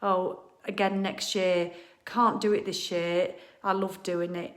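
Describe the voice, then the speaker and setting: A woman's voice: fairly low pitch, flat delivery, slow. A middle-aged woman, chatting cheerfully and bluntly to viewers while hosting a live stream from her living room at home. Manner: chatty, cheerful and blunt, with mild swearing and laughs. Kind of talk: casual live chat.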